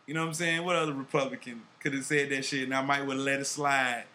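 A man hosting a podcast in casual chat, animated, with heavy swearing and street slang. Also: mid-range voice, fast talker, few pauses. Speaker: podcast host.

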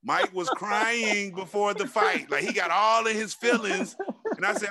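A man's voice: high-pitched, fairly even intonation, a little slow, crowd noise. A man co-hosting a casual chat show, talking animatedly and profanely, acting out quotes in a raised voice. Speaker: podcast co-host.

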